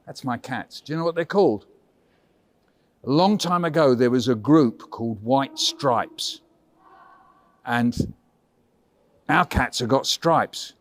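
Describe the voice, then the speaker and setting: A man visiting a hospital school classroom as a children's author, telling stories to young children in an animated, chatty and playful way. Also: medium pitch, slow, pauses often, dry recording. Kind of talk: lively storytelling to young children.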